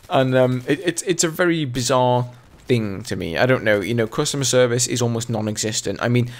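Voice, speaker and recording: A young man from England with an English accent, a gaming channel host telling a casual story in a chatty, rambling way. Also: mid-range voice. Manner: chatty and rambling, full of "you know".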